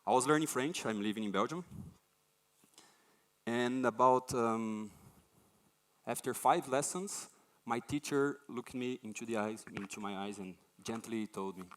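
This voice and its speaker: Conference speaker: a man, animated, acts out voices in his anecdotes. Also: medium pitch, a little slow. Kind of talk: conference talk.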